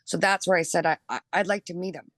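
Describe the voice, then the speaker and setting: A middle-aged woman, a mother telling her story in an interview, chatty and animated, filling her talk with 'like' and acting out what people said. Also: lowish voice, quick pace, no room sound. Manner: chatty and animated, full of 'like' and acted-out quotes. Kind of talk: emotional personal recollection.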